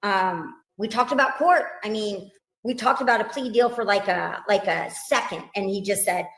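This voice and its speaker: A woman, a victim's mother, recounting events in an emotional interview, halting with many restarts and quoting what others said. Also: mid-range voice, a bit bright, roomy sound, low-quality recording.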